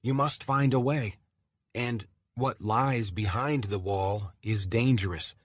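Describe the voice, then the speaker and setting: Audiobook: a man doing an insistent disembodied male shard, voice pitched up and pushed louder, slightly husky. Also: slow pace, no room sound, studio quality. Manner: insistent, urgent questioning. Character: disembodied male personality shard, urgent and commanding.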